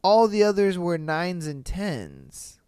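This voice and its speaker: Male podcast host, slow drawl, smooth clear voice, slangy and laid-back, dry close mic. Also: sits high, animated, darkish tone, dry recording. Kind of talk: casual commentary reading listener posts. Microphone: studio podcast mic.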